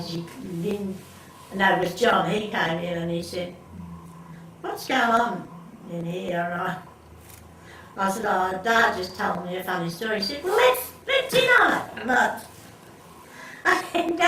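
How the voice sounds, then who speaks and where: Rambling, restarting and often laughing, this older interviewee shares family stories casually. She has a lowish, slightly bright voice, and the mic sits far away in an echoey room, picking up faint background noise.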